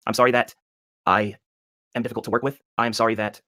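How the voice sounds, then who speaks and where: A man's voice: medium pitch, flat delivery, fast, sharp tone, dry recording. A man in a tense voice-chat argument, defensive and insistent, speaking over a call mic. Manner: defensive, insistent, voice rising then apologetic. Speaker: group leader facing criticism.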